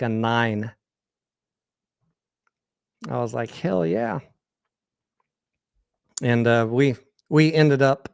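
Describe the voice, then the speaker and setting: A man's voice: medium pitch, darkish tone, smooth, dry recording, clean studio sound. A man with an American accent hosting a livestream, telling crude, rambling personal anecdotes in a candid, casual way with frequent restarts. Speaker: host.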